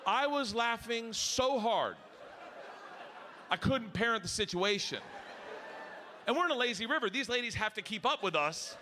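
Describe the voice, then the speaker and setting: A middle-aged man doing a crude stand-up comedy routine on stage, jumping between high and low voices as he acts out the people in his stories. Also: expressive, normal speed, pauses often, pushed and bright, slight background noise. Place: comedy stage before a live audience.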